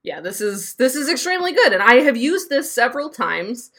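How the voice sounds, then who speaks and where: Bright-voiced joking woman podcaster. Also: sits high, a little fast. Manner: animated, joking, laughs often. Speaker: podcast co-host. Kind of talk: casual chat.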